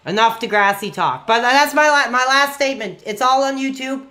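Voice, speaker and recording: A man in his forties chatting casually on a live stream while gaming, excitable and rambling, quick to get worked up. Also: very high-pitched, slight background noise.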